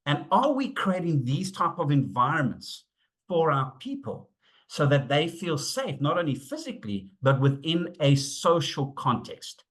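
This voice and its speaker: A middle-aged man presenting a webinar on safety, telling stories in an animated way, acting out the dialogue and using frequent fillers. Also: a little high, measured pace. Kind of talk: storytelling talk.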